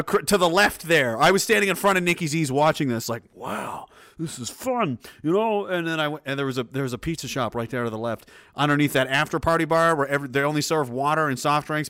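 A man's voice: on the high side, pushed and bright, dry recording, studio quality. A man in his thirties from New Brunswick, Canada, casually telling a rambling, profane story to his stream chat, with lots of restarts.

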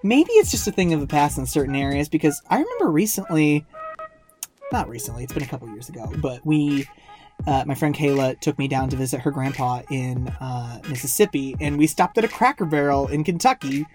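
A woman in her early twenties co-hosts a casual film chat, talking in long rambling stretches and laughing often. Her voice sits low but swings widely in pitch. Faint music plays behind her. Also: animated, fairly quick, darkish tone. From Indiana. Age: 20s. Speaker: podcast co-host.

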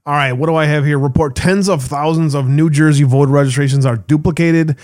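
A man's voice: a little high, fairly even intonation, a little fast, a little mellow. A man hosting an online talk show, reading out news stories with sarcastic asides, laughing and swearing casually. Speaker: show host.

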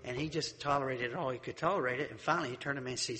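A middle-aged man preaching a sermon, asking the congregation rhetorical questions and telling stories in a lively, conversational way. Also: mid-range voice, very fast, big-room sound. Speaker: pastor.

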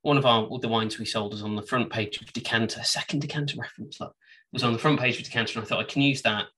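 A man's voice: mid-range voice, steady tone, fast, sharp tone, distant mic, low-quality recording. A man co-hosting a casual wine podcast, telling rambling, self-deprecating stories. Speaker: podcast co-host, wine trade. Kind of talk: casual chat.

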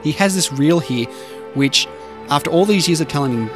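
A man's voice: fairly high pitch, expressive, moderate pace, over music. A man co-hosting a podcast who explains film scenes at length in a rambling, chatty way. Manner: explanatory, rambling, fond of trivia. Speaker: podcast co-host. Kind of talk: casual film discussion.

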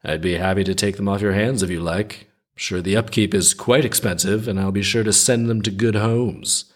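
A man's voice: on the low side, steady tone, normal speed, close to an everyday voice. A man voicing a smarmy, greedy male animal dealer who talks in a smug, oily way.

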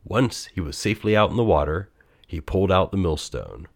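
Male storyteller, low voice, expressive children's read-aloud. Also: brisk.

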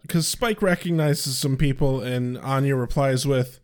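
A man's voice: mid-range voice, a little slow, hardly any pauses. A man co-hosting a casual recap chat, dry and explanatory, swearing casually. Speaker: podcast co-host.

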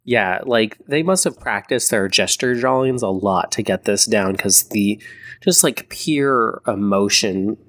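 A man co-hosting a casual chat about a comic, with dry deadpan jokes and comments on the drawing. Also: lowish voice, measured pace. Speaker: podcast co-host.

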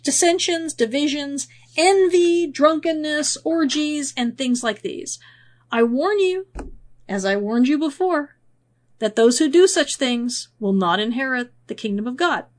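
A woman with a high voice gives a conversational Bible lesson, reading verses aloud and adding wry asides. She is a bit sniffly from spring allergies. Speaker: Bible teacher. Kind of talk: casual Bible teaching.

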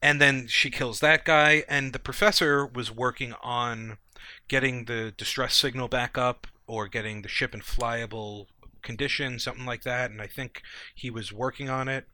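Bright-voiced man checking his notes. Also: medium pitch, fairly even intonation, normal speed, no echo. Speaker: podcast co-host. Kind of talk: casual movie review chat.

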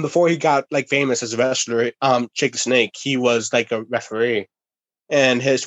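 A man's voice: mid-range voice, no echo, dull audio. A man telling a wild story on a casual podcast, with lots of fillers and cursing. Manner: animated anecdote-telling, heavy filler and swearing.

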